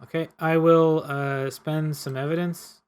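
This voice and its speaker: A man's voice: fairly high pitch, flat delivery, unhurried, smooth. A man playing a cooperative card game, reading the story text aloud and stumbling and correcting himself as he goes.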